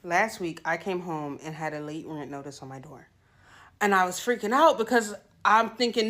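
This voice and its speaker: A woman's voice: fairly low pitch, moderate pace. A woman telling a story in a casual rant about a surprise fee, acting out what she and the property manager said. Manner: animated, acts out both sides of the exchange. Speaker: tenant ranting about her landlord.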